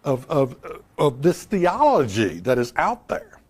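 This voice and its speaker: A man's voice: medium pitch, wildly swooping pitch, a little slow, darkish tone, slightly rough. Guy preaching live, punchy, keeps repeating points, voice jumps up and down a lot. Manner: emphatic, rhetorical questions, repeats key lines. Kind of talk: sermon. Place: live church service.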